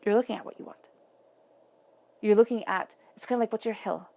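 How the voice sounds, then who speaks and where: A woman's voice: medium pitch, brisk, creaky, dark tone. A woman giving a tarot reading, talking earnestly and directly to the viewer in a casual, conversational way. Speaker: tarot reader.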